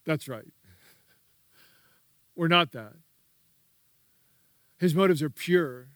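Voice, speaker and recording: A man's voice: a little high, very slow, a bit bright, no echo, clean studio sound. A man preaching a sermon as pastor, emphatic and repetitive, prompting the congregation to repeat key words.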